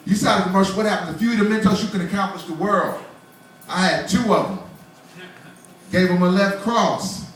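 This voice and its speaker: A man in his forties doing a loose, conversational stand-up comedy set in a small bar, laughing at his own jokes. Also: high-pitched. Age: 40s. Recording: roomy bar, voice from far off.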